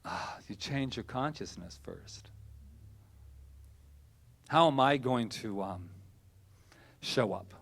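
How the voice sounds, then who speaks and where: A man preaching a sermon to a church congregation, animated, swinging between loud bursts and quiet asides. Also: medium pitch, takes it slowly, creaky, long pauses. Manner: animated, acts out quoted voices, swings loud and soft. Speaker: minister. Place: church service hall.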